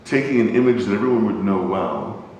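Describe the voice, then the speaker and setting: A man's voice: lively intonation, a little fast, darkish tone, highs cut off. A man teaching an adult Bible class in a conversational way, often asking the class questions. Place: church classroom. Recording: very echoey hall, far from mic, faint rumble.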